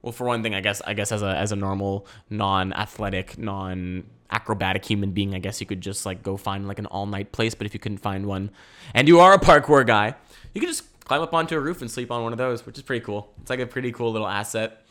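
A man's voice: lowish voice, fairly quick, a bit bright. Rambling young man podcasting. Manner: rambling, swearing, restarts. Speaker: podcast host. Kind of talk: casual solo podcast chat. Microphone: camera mic.

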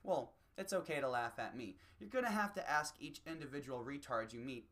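A comedian delivering a profane, rambling, self-mocking solo rant that swings between low mutters and loud bursts. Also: animated, brisk, few pauses.

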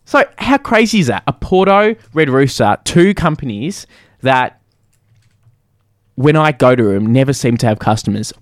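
A man's voice: medium pitch, animated, normal speed, no echo. A young man chats loosely on a podcast. He tells his story in bits and pieces and keeps restarting it. His mid-range voice is recorded close and dry, with no room sound. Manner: rambling, self-interrupting storyteller. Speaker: podcast co-host. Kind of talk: casual chat.

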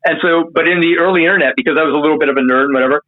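Animated storytelling man on a tinny line. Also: very fast. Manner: animated, profane, acts out quotes in a higher voice. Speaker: interview guest. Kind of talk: casual storytelling.

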